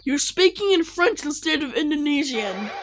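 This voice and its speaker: A woman reacting to videos in casual commentary, excitable and exclaiming at the screen. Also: sits high, normal speed, poor audio. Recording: loud background noise.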